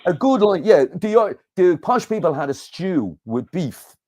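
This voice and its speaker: A man's voice: high-pitched, sing-song, a little slow, darkish tone, no room sound. A middle-aged man, a comedian guest chatting casually and animatedly. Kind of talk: casual interview chat.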